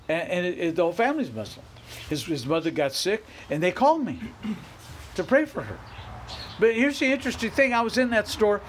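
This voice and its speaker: A middle-aged man preaches in a high-pitched voice, driving his points home with repetition and rising emphasis. He speaks as a pastor delivering a sermon. A faint noise sits under the recording. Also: low-quality recording. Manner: emphatic preaching with repeated phrases and rising outbursts.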